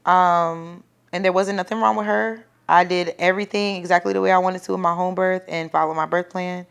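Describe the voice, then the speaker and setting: A young woman telling the story of her home birth to the camera, casual and profane, acting out what people said loudly and growing soft and quiet when emotional. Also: on the low side, fairly quick, gravelly, clear, resonant tone. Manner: animated, profane, acts out quoted voices loudly.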